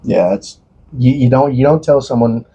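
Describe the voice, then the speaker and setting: A man in his late twenties from the Quad Cities area of Illinois, a podcast co-host chatting casually and telling stories in a halting way, leaning on "I'm like" and acting out quoted dialogue. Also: mid-range voice, warm tone, slightly rough. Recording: dull lo-fi podcast audio.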